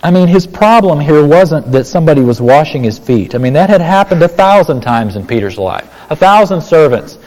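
A man preaching a sermon, animated and emphatic, with casual asides to the congregation. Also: fairly high pitch, in a large hall, low-quality recording. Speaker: pastor.

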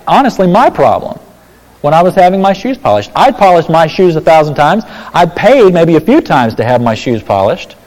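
Animated male preacher in a reverberant hall. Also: fairly high pitch. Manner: animated, emphatic preaching with asides. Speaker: pastor. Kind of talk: sermon.

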